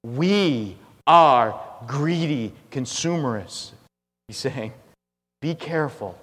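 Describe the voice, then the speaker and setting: Emphatic preacher in an echoing church. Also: male voice, fairly high pitch. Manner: emphatic, repetitive preaching with swings from loud to hushed. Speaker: pastor. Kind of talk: expository sermon. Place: church sanctuary. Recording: long reverb of a church hall.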